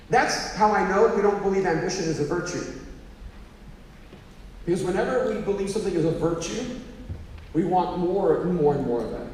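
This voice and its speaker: A man, a pastor, preaching a sermon with animated storytelling that rises to emphatic exhortation. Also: high-pitched, normal speed, long pauses. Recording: echoey hall, mic at a distance, faint ambience.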